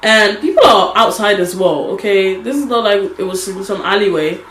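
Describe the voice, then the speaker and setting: A young woman vlogger telling a story in casual chat, animated and laughing often as she acts out what people said. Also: medium pitch, normal speed, echoey room, slight background noise.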